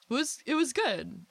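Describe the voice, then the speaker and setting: Woman podcast co-host, unhurried and playful, dry studio sound. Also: creaky, fairly bright tone, dry recording. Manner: jokey, sings mock song bits in a high voice. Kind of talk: casual chat.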